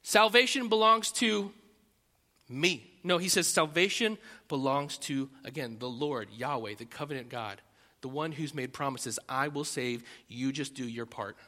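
A man preaching a sermon as pastor, animated, acting out loud rising prayers and often restarting his phrases. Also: mid-range voice, moderate pace, big-room sound.

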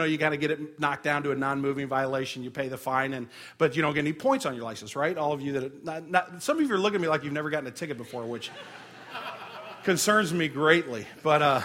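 A man's voice: fairly high pitch, fairly bright tone. A middle-aged man preaching a sermon as pastor, emotional and conversational, with humor and frequent restarts.

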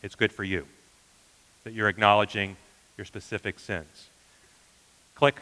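A man preaching a sermon as pastor, earnest, often dropping to a hushed emphasis. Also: lowish voice, little pitch movement, unhurried, long reverb tail, poor audio.

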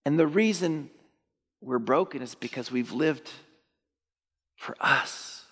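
A male pastor preaching a sermon to his church, animated, sometimes mimicking churchgoers in high put-on voices. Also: takes it slowly, slightly rough. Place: church sanctuary. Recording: long reverb of a large hall.

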